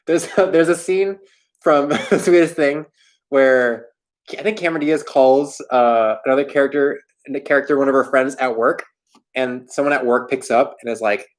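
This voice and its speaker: A man's voice: medium pitch, normal speed. Young guy on a livestream answering viewer questions, rambly and self-deprecating, just chatting from home. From Florida. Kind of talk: casual livestream chat. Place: home in New York.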